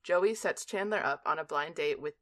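A woman's voice: deep voice, normal speed, fairly bright tone. A young woman co-hosting a podcast in casual chat, giggly, reading out summaries. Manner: giggly, reads episode summaries. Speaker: podcast co-host.

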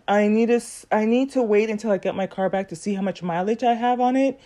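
A woman's voice: mid-range voice, a little fast, hardly any pauses, mellow. A woman hosting a podcast in a casual chit-chat monologue, talking with many fillers and acting out the conversations she tells. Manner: chatty, many fillers, acts out quoted dialogue. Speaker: podcast host.

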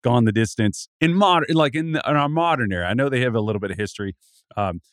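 A man's voice: medium pitch, expressive, fast talker, dry recording, studio quality. Rambling man on a sports podcast. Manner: rambling, many restarts. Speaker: podcast co-host. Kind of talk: casual sports chat.

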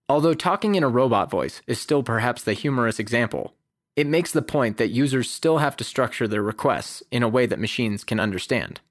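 A man reading a prepared essay as the host of a podcast, in a measured, even delivery. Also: medium pitch, no echo, clean studio sound. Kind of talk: scripted essay narration.

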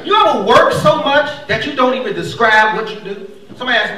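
On a comedy club stage, a young man does a stand-up set before a laughing crowd, talking a little fast with few pauses. He's animated, acting out characters with big jumps in pitch. The audio is very noisy and echoey, with the mic far off and audience laughter throughout.

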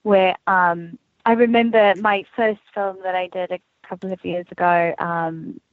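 A woman's voice: fairly low pitch, steady tone, unhurried, dry recording. A woman from South Africa being interviewed as an actress, chatting freely, laughing often and restarting her sentences. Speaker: actress guest. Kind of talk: casual interview chat. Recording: tinny phone line, dry.

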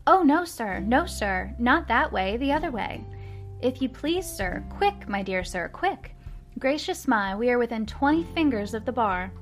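A woman's voice: a little high, expressive, moderate pace, soft background music, lightly acted. A woman putting on a fussy, flustered lady captain. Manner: fussy, overly polite pleading.

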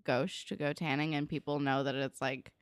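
With a low-pitched, clear, resonant voice and a rather flat delivery, a young woman from New Jersey chats through a TV episode recap on the podcast she co-hosts. The talk is loose, full of "like," "um," and quick asides, and the studio sound is clean with no echo.

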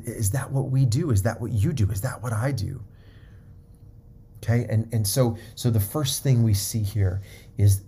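A man's voice: fairly low pitch, warm tone, a little hiss or hum. A man preaching a sermon, emphatic and repetitive, often checking in with his listeners.

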